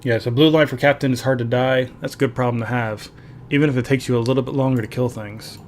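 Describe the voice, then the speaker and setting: A man's voice: mid-range voice, steady tone, fast talker, a little hiss or hum. A man chatting casually while streaming a game, reading viewer messages aloud, with frequent laughs and filler words. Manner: chatty, reads chat aloud, laughs often. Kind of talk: casual gameplay commentary.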